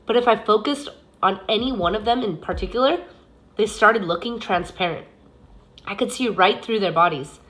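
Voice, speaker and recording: A woman teacher reads a novel aloud in a bright, clear voice. Her narration is steady and expressive, with an even, moderate pitch for a woman. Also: moderate pace.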